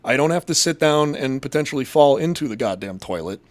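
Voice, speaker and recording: A man's voice: mid-range voice, expressive, fairly quick. A man from Massachusetts hosting a casual live show, reading chat and rambling in a crude, profane, jokey way.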